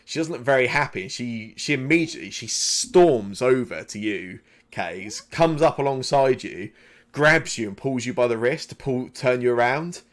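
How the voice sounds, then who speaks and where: A man's voice: medium pitch, lively intonation, normal speed. A man narrating as game master of a tabletop game, rambling and restarting with many fillers.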